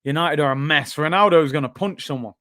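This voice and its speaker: A young man hosting a live football watchalong, bantering with chat and reacting loudly to the game. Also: a little high, brisk, no room sound, clean studio sound. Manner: banter-heavy, erupts into shouting at goals. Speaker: watchalong host.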